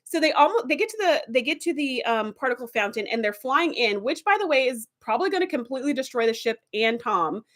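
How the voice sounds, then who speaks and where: A woman's voice: high-pitched, fast talker, few pauses. A woman casually and animatedly retelling TV episodes as a reviewer, with lots of fillers. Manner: animated, chatty, with fillers and laughs.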